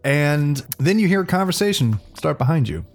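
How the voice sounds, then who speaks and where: A man's voice: on the high side, very animated, normal speed, faint music behind. Chuckling man running a tabletop game. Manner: laughs often, restarts his phrases. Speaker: game master.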